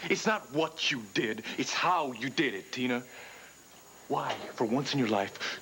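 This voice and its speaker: A man's voice: mid-range voice, fairly bright tone, a little hiss or hum, low-quality recording. A man playing a betrayed husband in a TV soap opera, accusing and harsh, who keeps repeating his wife's name. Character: bitter betrayed husband back from abroad. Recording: broadcast TV audio with music underneath.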